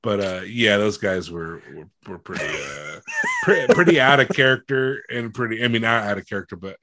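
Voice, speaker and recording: A man's voice: lowish voice, wildly swooping pitch, moderate pace, sharp tone. A man chatting bluntly about a movie, swearing freely and trailing off into mumbles. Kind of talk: casual chat about a movie.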